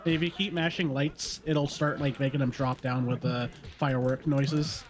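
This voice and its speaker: A man's voice: mid-range voice, fairly even intonation, moderate pace, slight background noise. A man casually chatting with friends during a fighting game stream, meandering with ums and likes. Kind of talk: casual chat.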